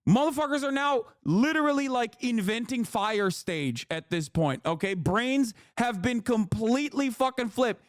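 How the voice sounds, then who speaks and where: High-voiced man ranting, dry sound. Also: expressive, measured pace, hardly any pauses, dry recording. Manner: profane, incredulous, mocking. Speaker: streamer host. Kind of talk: casual commentary rant.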